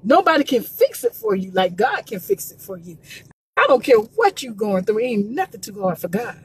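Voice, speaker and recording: A husky, sing-song woman's voice at medium pitch and normal speed, from Columbus, Georgia. Parked by the road in her car, she goes live on social media from her phone, promoting gospel quartet music in an emphatic, repetitive, preachy way while sounding emotional and close to tears.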